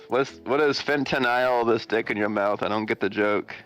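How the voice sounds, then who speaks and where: A young man co-hosting a gaming stream, trading crude, deadpan teasing jokes in casual banter. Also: mid-range voice, moderate pace, soft background music, rough recording. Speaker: streamer co-host.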